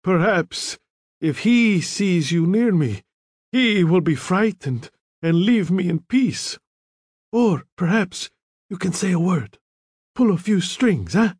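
A man's voice: high-pitched, expressive, slow, a little mellow, husky, dry recording, clean studio sound, pitched above the performer's own voice, exaggerated voice. A man reading a book aloud, voicing a feverish dying old man who begs and cries out for help. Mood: pleading. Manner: desperate pleading, crying out.

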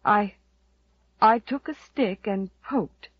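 A woman's voice: mid-range voice, slow, breathy edge, dry recording, muffled recording. A woman voicing a frantic, devoted middle-aged housekeeper in an audiobook, anxious and stammering. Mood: terrified. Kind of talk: audiobook character voice.

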